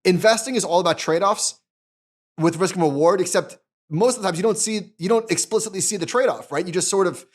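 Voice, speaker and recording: A man co-hosting a casual finance podcast, his voice sitting a little on the high side. He talks in an animated, chatty way, often restarting his sentences. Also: fairly quick. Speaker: podcast co-host.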